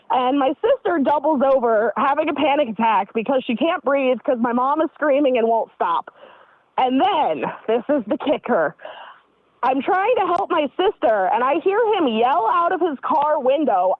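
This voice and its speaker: A woman's voice: sits high, dry recording, low-quality recording. A woman calling into a comedy show, telling a story and acting out what others said. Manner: animated, acts out what others said. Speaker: caller. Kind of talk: casual storytelling.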